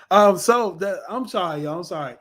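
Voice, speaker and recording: A man's voice: high voice, normal speed, fairly bright tone. A man co-hosting a podcast, chatting casually in a review, rambling with many fillers and self-corrections, and speaking to listeners in a laid-back way. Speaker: podcast co-host reviewing a TV series.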